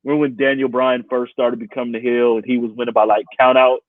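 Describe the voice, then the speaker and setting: A man co-hosting a casual sports chat, talking in an animated, profane way and laughing often. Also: mid-range voice, fast, no echo. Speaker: podcast co-host. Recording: tinny phone-like sound, dry.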